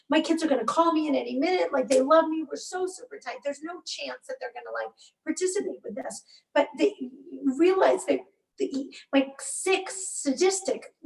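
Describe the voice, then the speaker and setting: Woman in her 40s, high gravelly voice, heated and halting guest account, caught by a distant mic in an echoey room. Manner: emotionally charged, halting, with bursts of anger. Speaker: interview guest. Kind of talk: personal account in a podcast interview.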